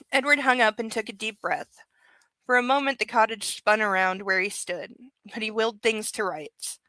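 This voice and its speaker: A woman's voice: medium pitch, normal speed, sharp tone, dry recording, poor audio. A young woman reading a novel aloud for a book club, with casual chatty asides between passages.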